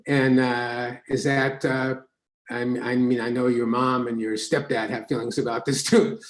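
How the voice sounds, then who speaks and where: A man's voice: medium pitch, little pitch movement, normal speed. A man interviewing his wife in a friendly, slightly hesitant way, laughing often, recorded in her home studio. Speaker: interviewer, author's husband. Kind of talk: casual conversation. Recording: roomy echo.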